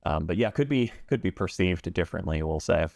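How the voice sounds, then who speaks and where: A man working as a pool instructor, explaining calmly and in measured terms during an interview. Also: deep voice, no room sound, studio quality. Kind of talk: interview talk.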